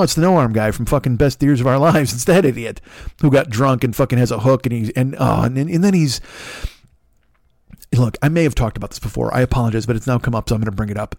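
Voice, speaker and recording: A man's voice: mid-range voice, dry recording, clean studio sound. A middle-aged man doing a profane, rambling comedic rant as a podcast host, acting out the people he quotes. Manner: profane, rambling, animated, acts out quoted voices.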